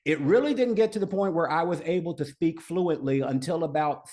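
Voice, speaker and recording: A man's voice: fairly high pitch, fairly quick, a little mellow. A man guest on a podcast, telling a personal story in an earnest way, with an occasional stutter. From United States. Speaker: podcast guest, leadership coach. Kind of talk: storytelling interview answers.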